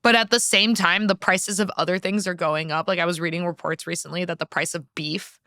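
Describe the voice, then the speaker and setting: A woman talks through a point on a podcast, measured and careful. Her voice is bright and crisp, and the recording is dry and close. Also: on the low side, fairly even intonation, no echo. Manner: measured, hedges with "I think". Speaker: podcast co-host. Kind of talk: casual political podcast chat.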